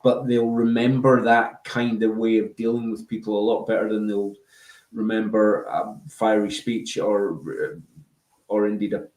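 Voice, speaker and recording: A man giving measured, analytical views as a podcast guest in casual chat. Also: fairly low pitch, level tone, darkish tone, distant mic. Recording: echoey room, away from the mic.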